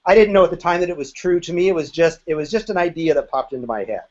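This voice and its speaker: Speaking fast in a voice on the high side, a former group member in his fifties gives a frank, sometimes profane account as an interview guest. The audio sounds dull.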